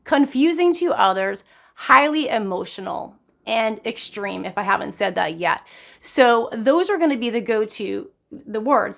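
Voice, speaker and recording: A middle-aged woman vlogger talking casually and earnestly to her viewers, addressing them directly and often leaping up in pitch for emphasis. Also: a bit bright. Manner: frequent sudden jumps in pitch for emphasis. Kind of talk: casual talk to camera.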